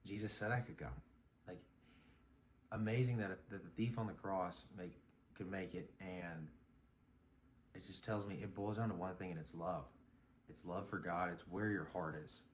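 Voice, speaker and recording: Deep-voiced man musing in a rambling vlog. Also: steady tone, normal speed, long pauses, a little hiss or hum. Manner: rambling, reflective, many fillers and restarts. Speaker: vlogger. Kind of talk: casual talking vlog. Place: outdoors on a morning run.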